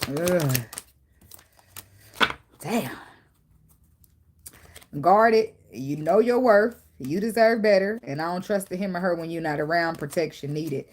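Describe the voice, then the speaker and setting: A woman's voice: lowish voice, expressive, slow pace, pauses often, darkish tone, a little hiss or hum. A woman giving a casual tarot reading, blunt and profane, talking straight to the viewer. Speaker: tarot reader.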